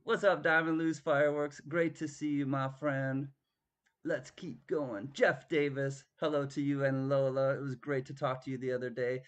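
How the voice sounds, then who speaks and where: With guitar music in the background, a man hosts a live online auction, greeting viewers by name in a playful drawl and breaking into bits of song. His mid-range voice has a flat delivery at a moderate pace.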